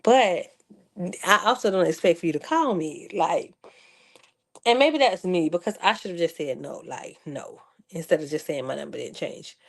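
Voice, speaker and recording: A woman's voice: on the low side, very animated, normal speed, vocal fry. A young adult woman chatting casually to her viewers as a vlogger, sarcastic and talkative, calling them y'all.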